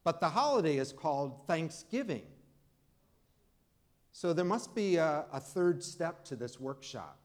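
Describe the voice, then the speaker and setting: A man's voice: on the high side, big pitch swings. A man preaching a Sunday sermon, talking to the congregation in an easy, conversational way and leaning hard on key words. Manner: preaching, warm conversational pauses, emphatic rises. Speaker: pastor. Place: church.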